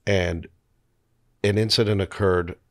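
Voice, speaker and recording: A man's voice: sits low, steady tone, slow pace, fairly bright tone, dry recording, studio quality. A man hosting an interview, retelling the guest's stories back to him. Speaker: interviewer host.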